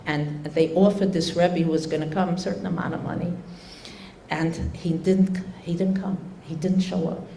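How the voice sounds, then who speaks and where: A woman's voice: lowish voice, steady tone, normal speed, gravelly, mellow, a little hiss or hum. An older woman giving a religious talk to an audience, telling a story unhurriedly with many fillers and restarts. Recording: echoey room.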